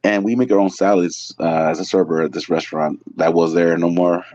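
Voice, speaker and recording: A man's voice: sits low, a little fast, no room sound, dull audio. A man from the San Francisco Bay Area, a waiter and interview guest, telling casual stories in a loose, chatty way full of fillers and restarts, often laughing. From California, San Francisco Bay Area. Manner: excitable, laughs through stories. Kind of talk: casual storytelling.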